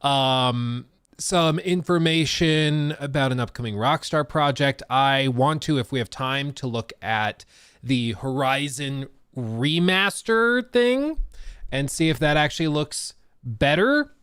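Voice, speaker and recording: A man with a medium-pitched, slightly bright, clear and resonant voice speaks slowly, in studio quality with no room sound. He's streaming gaming news as casual, jokey chat while coming down with a cold. His manner is rambling and self-deprecating, with frequent restarts.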